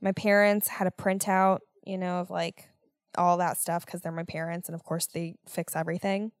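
A young American woman hosting a podcast, telling a story in a casual, animated way with lots of swearing and exasperated ranting. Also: on the low side, normal speed, no room sound, studio quality. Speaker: podcast host.

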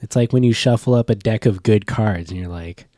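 A man with a mellow, warm voice trades jokes and teasing banter as a podcast co-host. He talks from a room at home into a microphone on a stand. The sound is dry. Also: fairly low pitch, brisk, no room sound. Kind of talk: casual chat.

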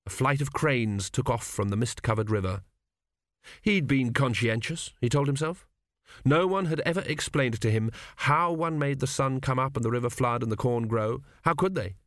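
A man reading a comic fantasy novel aloud as an audiobook, with measured storytelling and light voices for the characters. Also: medium pitch, fairly bright tone, dry recording, clean studio sound. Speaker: audiobook narrator. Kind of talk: scripted audiobook narration.

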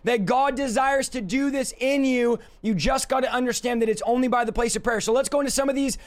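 Hoarse man, very high voice, fervent repetitive preaching on a live stream. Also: fairly quick. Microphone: streaming setup reading live chat.

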